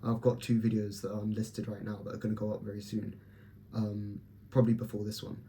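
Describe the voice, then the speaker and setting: A man's voice: fairly low pitch, monotone, brisk, dark tone, a little hiss or hum. A young man talking candidly to camera in a personal vlog, blunt and swearing as he gives himself and his viewers a pep talk. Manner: blunt, profane, self-motivating pep talk. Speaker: vlogger.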